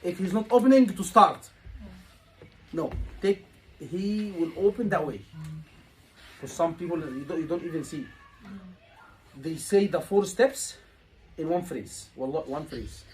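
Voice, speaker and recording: An exam tutor speaks to a group of students in a teaching room. The delivery is emphatic and repetitive, full of rhetorical questions. The voice sits at a mid pitch, with a faint background hum. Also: animated, a little slow, pauses often, rough recording. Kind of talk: live teaching session.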